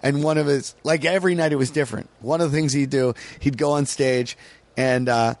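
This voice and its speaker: A man's voice: mid-range voice, fairly even intonation, a little fast, no room sound. An American man, a comedian, telling stories in a casual podcast chat and swearing freely.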